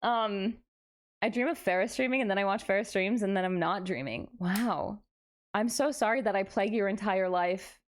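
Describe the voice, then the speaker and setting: This young VTuber streamer talks in a mid-range voice at a moderate pace. Late at night she's tired and giddy, playfully chatting with viewers, mocking herself, and reading chat aloud to respond.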